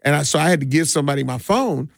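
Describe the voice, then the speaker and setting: A middle-aged man who works as a DJ tells stories in a relaxed, rambling way during a casual interview, with frequent restarts and laughs. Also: a little high, very fast, gravelly, no room sound, clean studio sound. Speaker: DJ and community party organizer.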